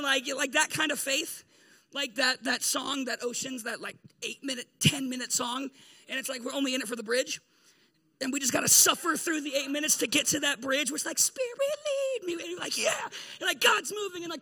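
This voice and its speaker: Very high-voiced man preaching a jokey sermon. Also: gravelly, sharp tone. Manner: jokey, chatty storytelling with frequent laughs. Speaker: pastor. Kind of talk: casual humorous sermon.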